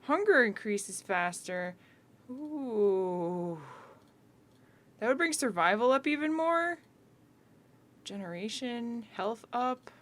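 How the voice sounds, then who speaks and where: A woman's voice: fairly high pitch, lively intonation, slow pace, long pauses, fairly bright tone. A young woman hosting a casual let's-play, chatting as she picks skills, rambling and correcting herself with small laughs. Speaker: gaming video host.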